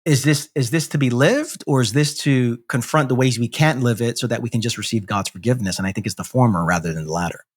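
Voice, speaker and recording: A man, a pastor guest on a podcast, explaining theology in a thoughtful, measured way with frequent fillers. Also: mid-range voice, husky. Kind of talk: reflective theological discussion.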